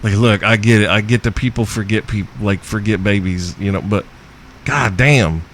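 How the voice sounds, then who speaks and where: A man's voice: on the low side, normal speed, fairly bright tone, slight background noise. A man hosting a podcast, answering listener questions in a crude comedic rant, profane and joking with frequent chuckles. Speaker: podcast host.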